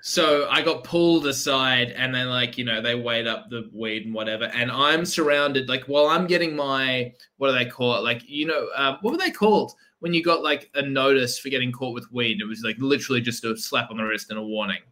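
Bright-voiced young man, laughing. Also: medium pitch, fairly quick, few pauses. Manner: laughing storyteller, trails off mid-sentence. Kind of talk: casual chat.

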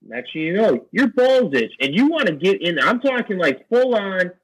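Man, high husky voice, lively pitch, crude emphatic rant. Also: normal speed, low-quality recording. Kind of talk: casual chat.

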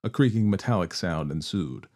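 A man narrating a story in a steady, expressive reading voice. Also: sits low, moderate pace.

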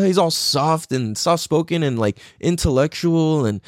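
A man's voice: fairly high pitch, moderate pace, few pauses, no room sound, studio quality. A man casually telling rambling, profane stories, often laughing and mimicking other people's voices. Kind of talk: casual storytelling.

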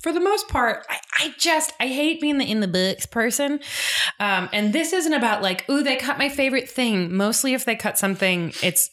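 A woman co-hosting a casual recap chat, animated, acting out characters' lines and laughing often. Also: fairly high pitch, normal speed. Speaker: podcast co-host.

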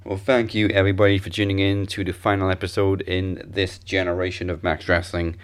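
Man, podcast host, low voice, steady announcement delivery. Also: a little fast, smooth. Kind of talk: podcast sign-off and plugs.

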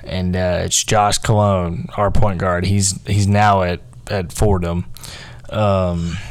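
A young man hosting a podcast, telling a personal story in a loose, rambling way, full of "like" and "um". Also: low voice. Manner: rambling, filler-heavy, frequent "like" and "um". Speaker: podcast host.

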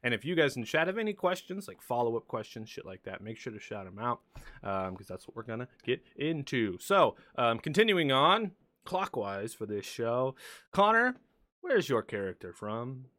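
A man's voice: mid-range voice, sing-song, moderate pace, a bit bright, no room sound, clean studio sound. A man running a casual streamed tabletop game as game master, loose and chatty with lots of ums and casual swearing.

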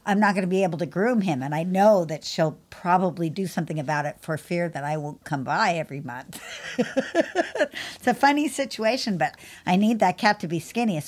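A woman's voice: lowish voice, expressive, normal speed. A middle-aged woman co-hosting a podcast about pet grooming, chatting casually and laughing often. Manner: chatty, laughs often, mimics her cat meowing. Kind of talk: casual chat.

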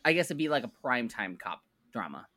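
A man's voice: mid-range voice, sing-song, fast, sharp tone, no room sound. A man co-hosting a podcast in casual chat, rambling and restarting as he eagerly recommends shows. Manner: rambling, self-correcting, enthusiastic recommendations. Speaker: podcast co-host.

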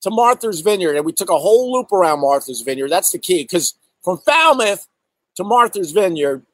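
Middle-aged man comedian, casual storytelling, slightly high voice, dry close sound, animated and profane. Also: moderate pace, no room sound, poor audio. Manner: animated, profane, acts out exaggerated quotes; reads and answers viewer chat. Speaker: comedian host. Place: outdoors in bright sun.

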